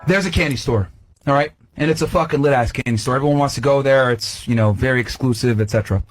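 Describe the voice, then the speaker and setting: A man telling a crude, animated story in a casual podcast rant. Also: mid-range voice, quick pace, music in the background.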